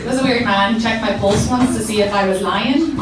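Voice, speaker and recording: A woman from Ireland with an Irish accent, performing a stand-up comedy set with deadpan punchlines. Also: medium pitch, a little fast. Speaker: stand-up comic. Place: comedy show venue. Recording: echoey room from far off, loud noise. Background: audience laughter.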